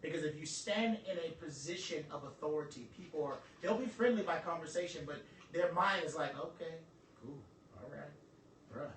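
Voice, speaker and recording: A man with a fairly high voice talks quickly and with few pauses, giving a live talk to an audience in an event room. He's a motivational speaker who jokes and preaches as he teaches, in an animated, preacher-like style. The recording is echoey and distant, with some noise.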